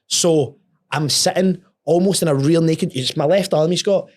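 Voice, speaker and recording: A young man, a podcast guest telling a story in casual talk, sweary and animated, often restarting his words. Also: fairly high pitch, moderate pace.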